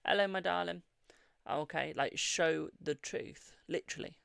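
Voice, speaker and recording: A tarot reader chats casually on a live stream, sprinkling in "like" and calling viewers darling and Boo in a yawning, low-key way. Her voice is a little slow, creaky, a bit bright, and smooth, recorded at studio quality with no echo.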